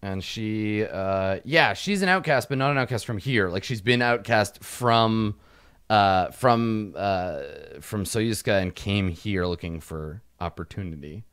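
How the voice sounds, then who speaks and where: Low-voiced man running a tabletop game. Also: a little slow, fairly bright tone, smooth. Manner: rambling, many fillers and restarts. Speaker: game master.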